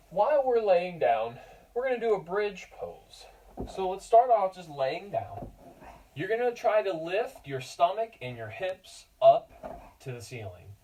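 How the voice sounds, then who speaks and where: Man, kids yoga teacher, encouraging and playful, animated pitch, warm tone, a bit far from the mic. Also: a little hiss or hum. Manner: encouraging, playful, talks to his dog. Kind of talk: guiding a kids yoga class.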